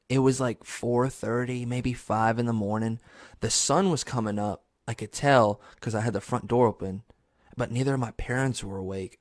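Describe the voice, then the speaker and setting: Animated, swearing young man podcaster. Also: dry recording, studio quality. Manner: animated, swears a lot, jumps into high squeaky yells for emphasis. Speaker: podcast host. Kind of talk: solo comedic storytelling.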